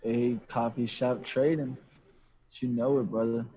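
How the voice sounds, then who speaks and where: A man calling in from a coffee shop as a guest trader, laying out his watch list in an easygoing, brisk way over remote call audio. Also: mid-range voice, steady tone, dark tone. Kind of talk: casual chat and trade rundown.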